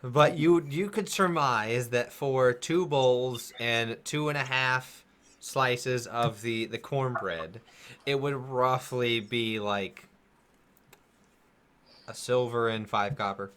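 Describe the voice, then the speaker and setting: Bright-voiced laughing game master man. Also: mid-range voice, slow, clear, resonant tone. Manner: rambling, laughing often. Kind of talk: narrating a tabletop game.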